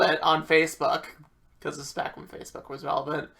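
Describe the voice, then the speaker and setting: A man's voice: fairly high pitch, level tone, brisk, vocal fry, pushed and bright. A young man telling a rambling, profane storytime about his school days and acting out what people said. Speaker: vlogger.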